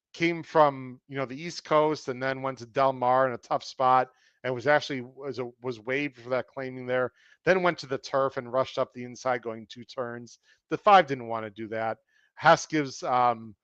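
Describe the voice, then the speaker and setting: Man, podcast co-host, casual chat, analytical, smooth resonant voice, dry dull lo-fi sound. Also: mid-range voice, fairly bright tone, no room sound. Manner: chatty, analytical, ribs his co-host. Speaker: podcast co-host handicapping horse races.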